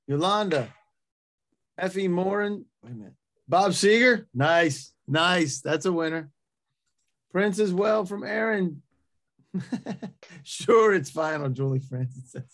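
A man hosting a webinar in a casual, upbeat way, reading out audience messages with quick asides over a video call. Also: fairly high pitch, fairly bright tone. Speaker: webinar host.

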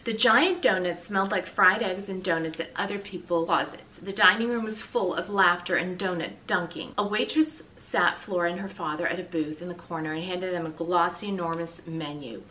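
A woman's voice: fairly low pitch, normal speed, few pauses, far from the mic, slight background noise, rough recording. Woman teacher reading a children's book aloud. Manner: clear, expressive storytelling.

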